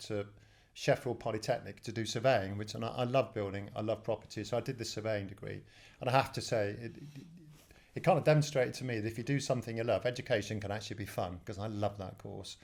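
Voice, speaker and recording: A man in his fifties from England with a gravelly, creaky edge to his voice, telling his own story as a guest in a studio. He talks in a chatty, self-deprecating way, restarting his sentences often. His pitch sits at an ordinary middle. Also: a little mellow. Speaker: guest, telecoms director. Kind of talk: casual storytelling interview.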